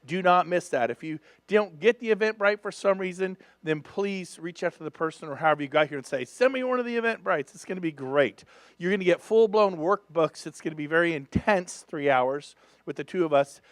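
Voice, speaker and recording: A man in his fifties from California, giving a lively, joking motivational talk on stage to a seminar audience. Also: sits high, brisk, no room sound. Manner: energetic, joking, revs up the crowd. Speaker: real estate speaker at a business seminar.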